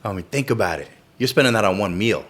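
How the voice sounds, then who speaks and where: Male podcast guest, slightly low voice, relaxed and agreeable. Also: fast talker, husky. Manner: laid-back, agreeable, lots of "yeah". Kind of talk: casual podcast chat.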